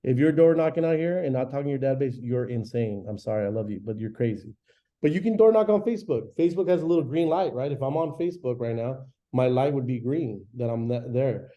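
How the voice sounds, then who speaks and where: A man in his forties, a real estate agent teaching a class in an energetic, chatty way, often acting out phone calls. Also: mid-range voice, quick pace. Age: 40s. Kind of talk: live training class talk. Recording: dull lo-fi recording.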